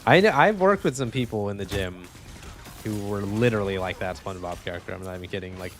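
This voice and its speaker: A young male streamer talking in a relaxed, chatty way and swearing now and then. His voice sits a little low. Soft game music plays underneath. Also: fast. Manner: laid-back, chatty, swears freely. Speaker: gaming streamer. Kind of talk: casual chat while streaming gameplay.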